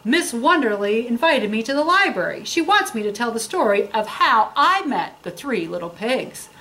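A woman voicing a male wolf who spins a sly tale, in a high theatrical read-aloud voice. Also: big pitch swings, normal speed, bright, forceful tone, heavily acted. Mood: eager. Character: male big bad wolf, sly storyteller.

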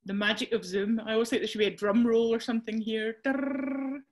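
A woman's voice: fairly high pitch, fairly even intonation, fairly quick. A Scottish woman presenting a workshop over a video call, chatty and self-deprecating with frequent restarts.

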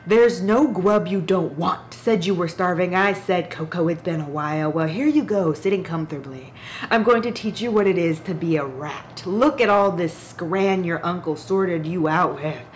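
A woman reading the lines of a sly, grimy rat-king man in a low, hushed, conspiratorial voice. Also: normal speed, slight background noise, close to an everyday voice.

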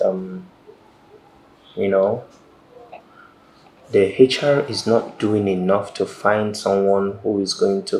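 An actor playing a relaxed, teasing office boss, speaking with a Nigerian accent in a measured, wry way in a film drama. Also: male voice, sits low, slight background noise, low-quality recording.

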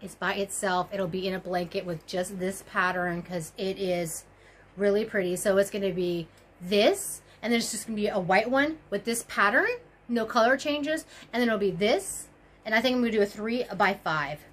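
A woman's voice: mid-range voice, moderate pace, a little hiss or hum. A woman chatting casually on her crochet video blog, rambling and gushing with lots of fillers and exclamations. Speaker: crochet YouTuber.

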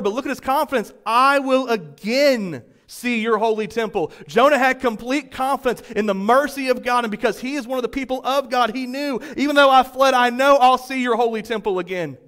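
Pastor preaching, high voice, gets loud then drops real quiet, chatty with the crowd. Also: male voice. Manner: dynamic preaching, swings from loud to hushed; folksy, addresses congregation directly. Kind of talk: sermon.

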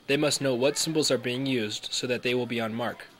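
A man's voice: medium pitch, steady tone, fairly quick, fairly bright tone, a little hiss or hum. A man giving earnest scripted narration for a school documentary.

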